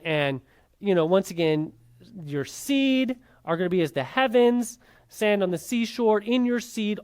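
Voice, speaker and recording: A Bible class teacher giving an informal lecture, talking casually with many fillers and tag questions, and putting rhetorical questions to the class before answering them. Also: medium pitch.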